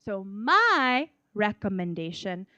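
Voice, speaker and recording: Slow, animated woman teaching a workshop. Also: mid-range voice, dry recording, dull audio. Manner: animated teacher, stresses words and checks in with "okay?". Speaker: workshop presenter. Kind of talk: public speaking workshop lesson. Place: workshop room.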